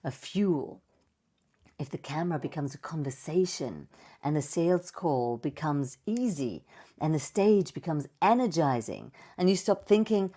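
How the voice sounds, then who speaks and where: A woman voice coach giving a playful, expressive presentation with slides and vocal demonstrations. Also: low voice, normal speed. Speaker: voice and speaking coach.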